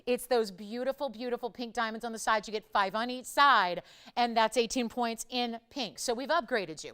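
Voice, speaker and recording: A woman hosting live jewelry shopping, chatty and upbeat, pitching deals and reading out viewer messages. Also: moderate pace, fairly bright tone, clean tone. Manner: pushes deals with "I'll tell you what".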